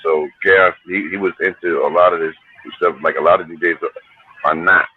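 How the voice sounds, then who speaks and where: A man's voice: deep voice, fairly even intonation, normal speed, phone-quality sound, slight background noise. A middle-aged man from New Jersey, a hip hop artist telling stories in a laid-back, slangy, profane way. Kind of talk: casual storytelling interview.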